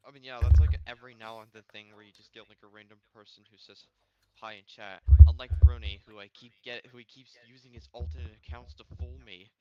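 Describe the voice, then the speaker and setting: A man's voice: medium pitch, steady tone, highs cut off. A man chatting casually with a streamer friend, rambling and restarting his sentences. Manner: rambling, restarts, quick laughs. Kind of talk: casual chat on a game stream.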